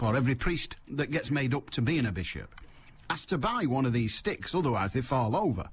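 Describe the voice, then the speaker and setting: A call-in radio host talks in a fairly high, husky male voice. His monologue rambles comically, wry and jokey, wandering off on digressions.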